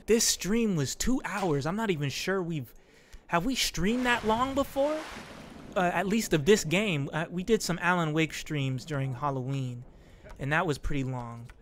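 A man's voice: on the high side, unhurried, slight background noise. A young man giving casual commentary while streaming a climbing game, laughing and yelping as he plays. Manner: excitable, laughs and yelps at the game.

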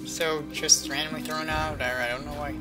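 This let's-play features a gamer's sarcastic, foul-mouthed self-talk against a backdrop of game music. The delivery is steady and moderately paced in a mid-range voice.

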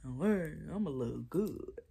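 A woman's voice: sits low, expressive, moderate pace, vocal fry, mellow, breathy edge. A woman in her twenties with a Southern American accent, chatting casually to her viewers with playful asides and laughs. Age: 20s. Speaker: vlogger. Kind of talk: casual chat while taking down twists.

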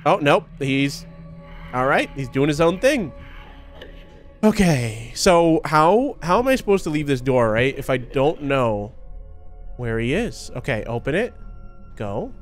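A young man giving excitable, laughing commentary while playing a horror video game. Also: fairly high pitch, measured pace, long pauses, faint music behind. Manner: excitable, laughing, talks to himself and the viewers. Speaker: gaming YouTuber.

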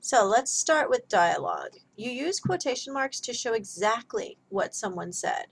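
A woman's voice: on the high side, animated, normal speed, creaky, breathy edge, low-quality recording. A woman giving a recorded grammar lesson as a writing instructor, talking casually through examples. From United States.

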